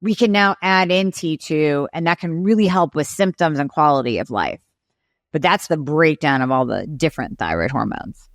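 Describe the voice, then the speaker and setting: A woman guest expert on a podcast interview, explaining clearly and acting out little patient and doctor exchanges. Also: sits low, animated, normal speed, dry recording, clean studio sound.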